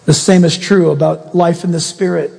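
A male pastor preaching a sermon in an animated, jokey way, often asking the congregation questions. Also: a little high, normal speed, gravelly, husky, long reverb tail.

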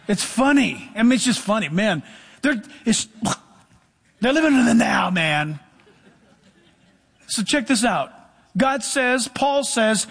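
A middle-aged male pastor preaching a sermon, animated, with sudden drops to soft, low asides. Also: measured pace, vocal fry, long pauses, breathy edge.

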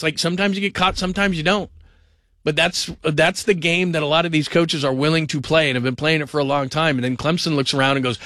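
A man hosting a call-in sports radio show, talking fast and animated, often mimicking the people he talks about. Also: on the high side, dry recording. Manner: animated, does mocking voices of others.

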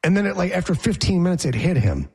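A man co-hosts a podcast in loose, casual chat. His voice sits a little high and sounds husky. He rants bluntly, with a sarcastic edge. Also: huge pitch swings, quick pace, darkish tone. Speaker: podcast co-host.

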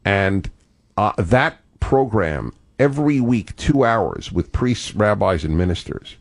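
Older guy hosting call-in radio, lowish voice, rambles a bit, starts over a lot. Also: gravelly, darkish tone. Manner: thoughtful, digressive, restarts mid-sentence. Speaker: radio talk show host.

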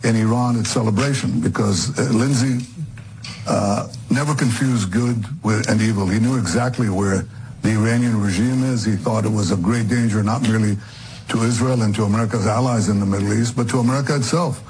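A man, a political leader, answering interview questions earnestly, with halting restarts. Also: on the low side, darkish tone, slight background noise, rough recording.

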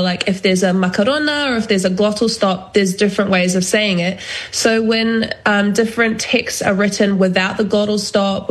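A young woman answers interview questions in relaxed conversation. Her voice sits at an ordinary middle pitch. She speaks thoughtfully and stops often on ums. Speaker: interview guest.

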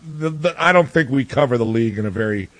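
A man's voice: mid-range voice, expressive, fast talker, no echo. A man giving blunt, ranting sports opinions in casual talk, full of restarts and fillers. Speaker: sports commentator guest.

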